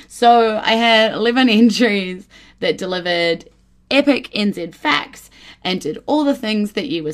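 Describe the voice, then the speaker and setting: A New woman hosts her podcast alone. She speaks in a casual, chatty way, at a middling pitch, and laughs often. Her excitement rises quickly. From New Zealand. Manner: bubbly, laughs often, gets giddy with excitement. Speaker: podcast host. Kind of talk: casual solo podcast chat.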